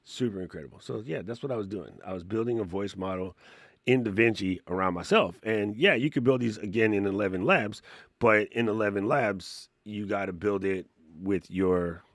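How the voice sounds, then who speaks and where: A man streaming a casual software tutorial, excitable and laughing often, with casual slang. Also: on the low side, moderate pace, no echo, clean studio sound. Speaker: tech streamer.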